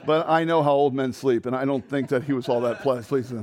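A man preaching a sermon, telling a Bible story with lively acted-out voices and closing in a hushed prayer. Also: mid-range voice, brisk. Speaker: pastor.

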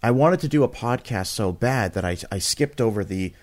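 A man on a podcast as a guest tells a story at normal speed, casual and full of animation. Frequent restarts and repeated words mark his delivery, and his quotes are acted out with big jumps in pitch.

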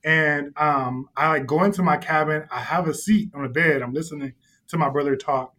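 Animated laughing man telling a story. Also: fairly high pitch, moderate pace. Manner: animated storyteller, laughs often, many fillers. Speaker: youth ministry leader, podcast guest. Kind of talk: casual podcast chat, storytelling.

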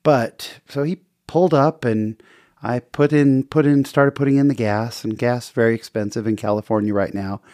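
A man's voice: mid-range voice, fairly even intonation, moderate pace, dark tone, no room sound, studio quality. A man earnestly telling a personal story in a casual, conversational way, with small restarts. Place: hotel near San Diego, in the story.

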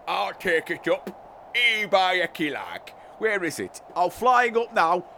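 A man's voice: high-pitched, big pitch swings, a little slow, gravelly, sharp tone, slight background noise, pitched below the performer's own voice, heavily acted. A man voicing a cheeky little male magic elf, in a chirpy, matey way. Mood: cheerful. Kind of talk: comedy podcast banter.

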